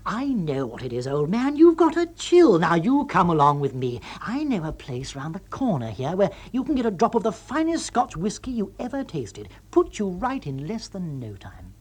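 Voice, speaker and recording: A man's voice: high voice, wildly swooping pitch, normal speed, few pauses, a little mellow, heavily acted. A man voicing a jovial middle-aged friend who is fond of drink and always knows a good bar nearby. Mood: hearty. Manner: hearty, chummy.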